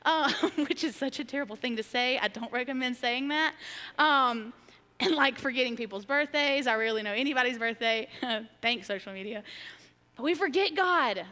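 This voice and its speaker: Woman pastor, bright tone, candid and conversational sermon delivery. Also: a little high, normal speed. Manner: candid, emotional, conversational, laughs often. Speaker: preacher. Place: church sanctuary. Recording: long hall reverb.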